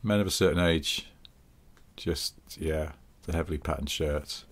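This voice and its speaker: A man's voice: a bass voice, measured pace. A man co-hosting a comedy podcast, talking in a rambling, casual way full of 'sort of'. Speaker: podcast co-host.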